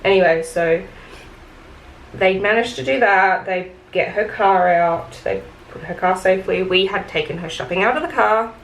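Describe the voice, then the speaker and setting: A woman's voice: medium pitch, normal speed. A woman telling a casual story about her retail job while doing her makeup, chatty, with lots of fillers. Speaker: beauty vlogger. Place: room at home, doing makeup. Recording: echoey room, faint background hiss.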